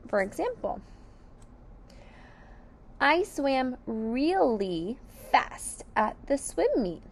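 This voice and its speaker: A woman teaching a slow, deliberate phonics and sight-word lesson for young children, sounding out each letter and syllable and praising the class. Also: high-pitched, sing-song.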